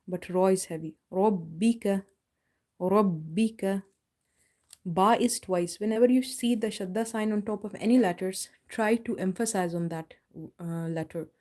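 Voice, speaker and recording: Woman, recitation teacher on a live class; mellow, warm tone, patient explainer who stretches words slowly to demonstrate. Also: mid-range voice. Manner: explains patiently, then slowly drawls out words to model pronunciation. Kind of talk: live online tajweed lesson. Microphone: live stream mic.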